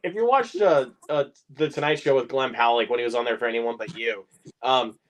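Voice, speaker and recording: A man's voice: mid-range voice, brisk. A man in casual chat who rambles, says "like" constantly and laughs often.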